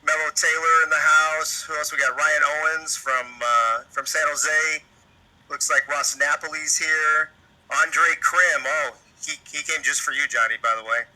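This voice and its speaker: Upbeat male co-host, bright tinny old-radio sound. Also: on the high side, steady tone, a little slow. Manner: upbeat, calls viewers "bro", reads chat names. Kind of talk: casual livestream chat.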